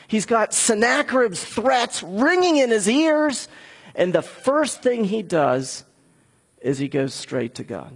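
Husky, slightly high-voiced male pastor; casual, lively preaching that talks with the room. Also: big-room sound. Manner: conversational, animated, talks with the congregation. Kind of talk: sermon.

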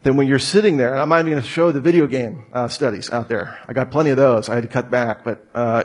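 Speaking to an audience in a mid-range, slightly rough voice, a man delivers a funny lecture packed with rhetorical questions, joking asides, and mock voices.

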